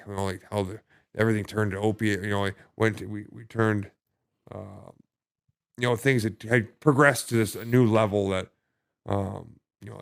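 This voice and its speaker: A man telling his story as a podcast guest in casual conversation, halting and profane, full of restarts and fillers. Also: lowish voice, creaky, no room sound, clean studio sound.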